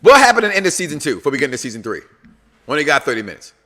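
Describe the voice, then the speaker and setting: A middle-aged man co-hosting a TV review show in casual chat, playful and teasing, swinging from mumbles to shouts. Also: a little high, very animated, racing, slight background noise.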